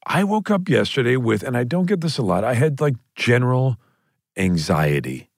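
A man's voice: medium pitch, big pitch swings, moderate pace, no echo, studio quality. A middle-aged man co-hosting a podcast, teasing his friends in casual banter and rambling with restarts. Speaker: podcast co-host.

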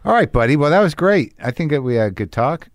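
A man hosting a podcast, chatting casually and relaxed, often chiming in with short agreements. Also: on the high side, fast, dry recording, clean studio sound. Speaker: podcast host. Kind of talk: casual chat.

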